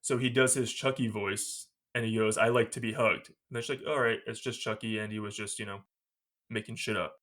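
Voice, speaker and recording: A man hosting a podcast, retelling a movie scene by scene in a casual, animated way and laughing often. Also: lowish voice, fairly quick. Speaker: podcast host.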